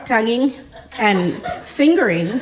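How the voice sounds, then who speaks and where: Middle-aged female stand-up; slow, lively delivery, laughs through her punchlines. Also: fairly high pitch, very noisy. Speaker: stand-up comedian. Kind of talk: stand-up comedy set.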